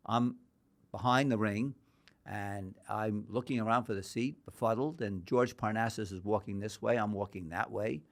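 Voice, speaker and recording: Low-voiced older man telling boxing stories. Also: normal speed. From New York. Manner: rambling anecdotal storyteller, acts out quoted dialogue. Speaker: guest, boxing historian. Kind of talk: storytelling in a podcast interview.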